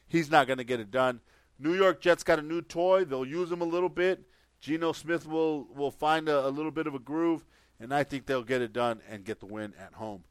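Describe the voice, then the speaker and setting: A man's voice: a little high, smooth, no room sound. A man hosting a casual sports picks show, rambling through his predictions with plenty of filler words. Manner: rambling, many fillers and restarts. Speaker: podcast host making football picks.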